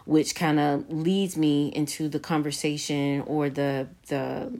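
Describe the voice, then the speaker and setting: A middle-aged woman hosting a casual podcast with her son, talking in a measured, reflective way with fillers and restarts. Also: low-pitched, level tone, darkish tone. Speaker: podcast host.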